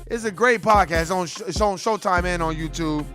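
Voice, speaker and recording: A man hosting an online show, giving animated, profane commentary with a sing-song delivery. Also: sits high, brisk, faint music behind. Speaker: host. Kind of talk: profane commentary on video clips.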